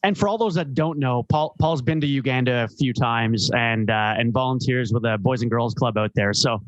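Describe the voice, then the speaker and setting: A man co-hosting a podcast, explaining things haltingly with many fillers. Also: medium pitch, dry recording, dull audio. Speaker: podcast co-host. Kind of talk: casual chat.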